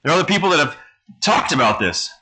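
A man preaching a sermon, reading scripture aloud slowly and low, then explaining it in a conversational way. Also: very animated, pushed and bright, low-quality recording.

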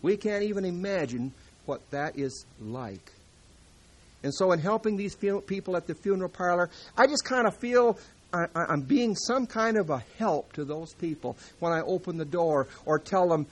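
A man preaching a sermon, moving from quiet, confiding talk to loud, emphatic scripture reading. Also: fairly high pitch, lively intonation, normal speed.

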